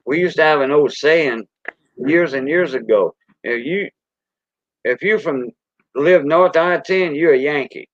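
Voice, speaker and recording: Speaking at medium pitch, this Louisiana Gulf Coast man with a Cajun accent rambles folksily through a casual live-stream chat. The audio is dry and has a dull, lo-fi stream quality.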